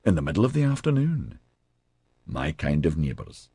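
A man's voice: rumbling low, wildly swooping pitch, moderate pace, vocal fry, mellow, breathy edge, dry recording, studio quality, heavily acted. A man voicing a hearty, rambling bald man with a broad Scottish accent. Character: boisterous bald Scottish man, friendly neighbor.

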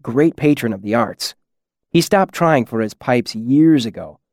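A man voicing a friendly young male student who whispers a quick aside in an audiobook reading. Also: medium pitch, expressive, a little mellow, no echo, studio quality. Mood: hushed.

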